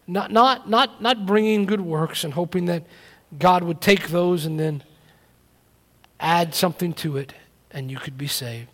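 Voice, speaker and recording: Male pastor, high voice, sermon, quiet to loud emphatic preaching, repeats phrases. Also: measured pace. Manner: repeats key phrases, with restarts.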